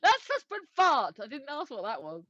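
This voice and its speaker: Lively high-voiced woman reading viewer comments. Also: normal speed, no echo, muffled recording. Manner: giggly, reads viewer comments aloud. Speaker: livestream co-host. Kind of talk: casual livestream chat reading comments.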